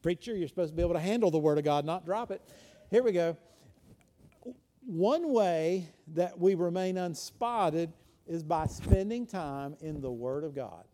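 A man preaching a sermon in a conversational way, asking frequent rhetorical questions and swinging from loud to hushed. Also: on the high side, animated, normal speed. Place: church.

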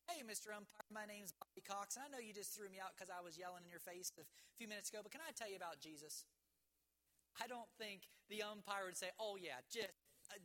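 A man preaching a sermon in an earnest, conversational way, with slow emphatic pauses on key words. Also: sits high, bright, forceful tone. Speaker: pastor.

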